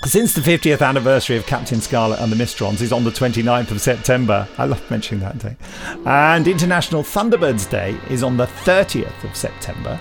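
A man with a gravelly voice talks casually as a podcast host. He sounds self-deprecating and playful, and he often restarts his sentences. Faint music plays under his voice. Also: medium pitch, expressive, a little fast. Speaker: podcast host and writer-director.

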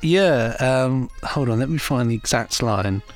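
A man's voice: medium pitch, animated, unhurried, soft background music. A man co-hosting a podcast in casual, chatty talk, full of fillers and easy laughter. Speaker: podcast co-host. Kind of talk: casual chat.

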